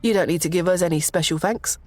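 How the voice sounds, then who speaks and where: A woman's voice: on the low side, fast, faint music behind, close to an everyday voice. A woman voicing a modest, dutiful young man who speaks politely.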